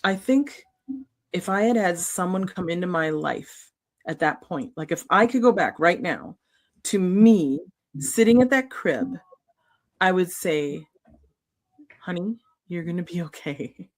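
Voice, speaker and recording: A middle-aged woman, an author guest, telling a personal story in an earnest, halting, emotional way. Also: lowish voice, very animated.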